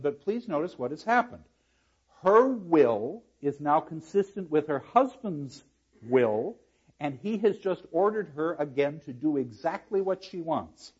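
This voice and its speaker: A man's voice: fairly high pitch, husky, highs cut off. A man giving a university lecture on a play, explaining verse and reading lines aloud with dramatic emphasis. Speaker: literature lecturer.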